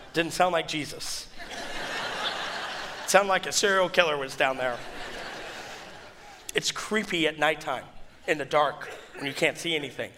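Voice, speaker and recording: A man preaching a sermon and telling a story with energy, acting out the voices in it. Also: fairly high pitch. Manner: storytelling, animated, acts out voices. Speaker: pastor.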